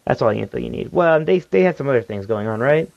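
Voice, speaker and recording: A man's voice: medium pitch, expressive, brisk, vocal fry, muffled recording, a little hiss or hum. Laughing man co-hosting a gaming podcast. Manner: laughs often, reads listener comments aloud. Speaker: podcast co-host. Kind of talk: casual gaming news chat. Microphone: headphones and desk mic.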